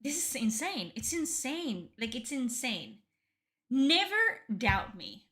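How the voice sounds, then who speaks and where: A woman's voice: on the high side, very animated, slow pace, a bit bright. A young woman streaming a game reaction, talking bluntly and emphatically with heavy swearing.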